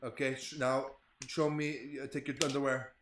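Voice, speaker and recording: A man's voice: mid-range voice, little pitch movement, moderate pace, background noise, natural voice. A man playing a curt male border guard who barks short commands. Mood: commanding. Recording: roomy echo.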